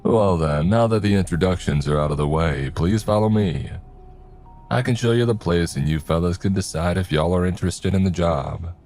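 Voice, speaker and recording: A man's voice: low-pitched, normal speed, darkish tone, faint music behind. A man voicing a folksy older male client who talks in easygoing country phrases.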